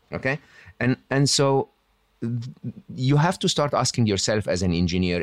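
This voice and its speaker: A man's voice: mid-range voice, sing-song, normal speed, dry recording, clean studio sound. A man as a podcast guest, explaining in a self-assured, teacherly way and often adding "hmm?" or "okay?" to check in. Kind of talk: explaining to an interviewer.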